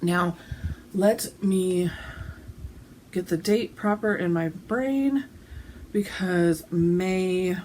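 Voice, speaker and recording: A woman's voice: on the low side, drawn-out words, pauses often, darkish tone, slight background noise, poor audio. Chatty giggly woman vlogging. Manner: chatty, giggly, lots of ums and restarts. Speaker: cross-stitch vlogger selling shirts. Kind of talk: casual chat to camera.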